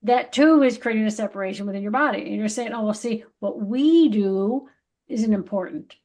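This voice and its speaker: A woman's voice: medium pitch, moderate pace, a little mellow. Fired-up middle-aged woman, swearing freely. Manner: emphatic, swears freely, acts out voices of others. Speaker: podcast co-host. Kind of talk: casual spiritual pep talk.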